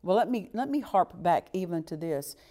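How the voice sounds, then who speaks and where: A woman's voice: fairly low pitch, expressive, moderate pace, mellow. Earnest woman preaching a sermon. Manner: earnest and exhortative, repeats phrases for emphasis. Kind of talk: sermon to a responding congregation.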